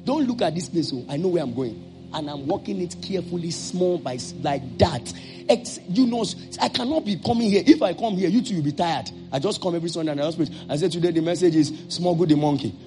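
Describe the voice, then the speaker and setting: A male pastor with a Nigerian English accent preaching a sermon, acting out little dialogues and breaking into sudden shouts. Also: on the high side, expressive, fairly quick, over music.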